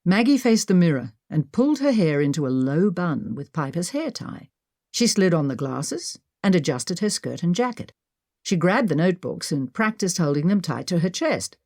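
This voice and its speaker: A woman narrating a mystery audiobook with expressive storytelling. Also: lowish voice, normal speed, dry recording, studio quality. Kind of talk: scripted narration.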